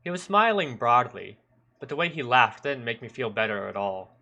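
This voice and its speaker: Bright-voiced man narrating a story. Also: medium pitch, big pitch swings, vocal fry, dull audio. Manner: measured narration with occasional stumbles. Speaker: streamer. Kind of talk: reading a visual novel aloud.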